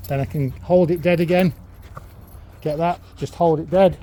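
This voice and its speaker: A man working as a dog trainer, calmly explaining a training demonstration and switching to high, upbeat praise for the dog. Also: moderate pace, pauses often, slight background noise.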